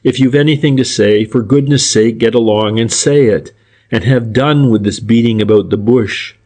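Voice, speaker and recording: A man reading as an impatient gentleman. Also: mid-range voice, moderate pace, close to an everyday voice. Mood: angry. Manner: curt and sharp. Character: impatient, short-tempered gentleman. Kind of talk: audiobook character reading.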